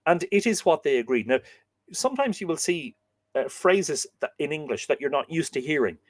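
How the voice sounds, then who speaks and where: A man's voice: on the high side, animated, normal speed, no echo. An Irish man hosting a live show, reading old myths aloud and wandering into chatty, humorous asides, recorded in a room at home with bookshelves. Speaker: podcast host and reader.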